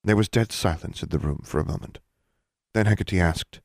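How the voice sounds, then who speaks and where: A man narrating a fantasy novel in an even storytelling manner, close to the mic. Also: low-pitched, moderate pace, vocal fry, husky, no echo. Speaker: audiobook narrator. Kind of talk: scripted narration.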